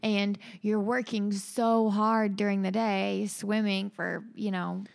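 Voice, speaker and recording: A woman with a strong vocal fry chimes in on a casual podcast. Her voice sits at a medium pitch, and she talks in a chatty way. It was recorded at a holiday resort. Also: flat delivery, slow pace, darkish tone. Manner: chatty, chiming in, laughing along. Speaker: podcast co-host.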